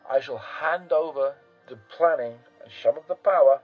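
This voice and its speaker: A man's voice: fairly high pitch, normal speed, lo-fi sound, faint music behind, natural voice. A man voicing a crude, panicking male dictator handing over command, in a blunt, profane, casual way. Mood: desperate.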